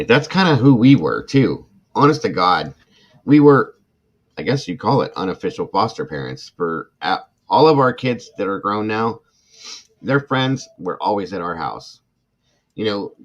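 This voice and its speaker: A middle-aged man with a fairly low voice rants with indignant passion on his true crime livestream, pausing to read out chat and apologize. The sound is dull and lo-fi. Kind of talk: casual livestream talk reading chat.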